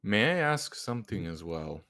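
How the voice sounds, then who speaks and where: A man's voice: big pitch swings, normal speed, bright, forceful tone. A man playing a tabletop game, speaking casually with sighs and swearing. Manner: swinging in pitch, sighing, swearing. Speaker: player. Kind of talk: casual tabletop role-play.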